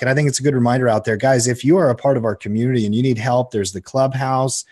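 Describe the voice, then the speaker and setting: A man co-hosting a market show in an easy, upbeat way. He reads out viewer comments at a middling pitch and chimes in casually. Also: fairly even intonation, fast, few pauses, darkish tone, slightly rough, dry recording, studio quality. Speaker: trading show co-host. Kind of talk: casual market talk, reading chat comments.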